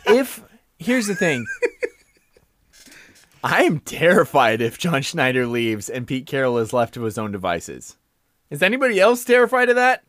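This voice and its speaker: A man co-hosting a sports podcast, chatting casually, animated, exclaiming and joking. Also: a little high, a little slow, long pauses, no room sound. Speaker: podcast co-host. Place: room with a window open.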